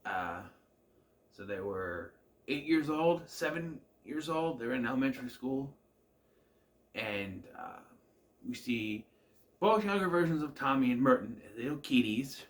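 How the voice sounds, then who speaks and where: A man's voice: medium pitch, lively intonation, unhurried, pauses often. A man giving a casual, rambling recap of a TV episode, with many fillers and restarts. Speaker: show reviewer.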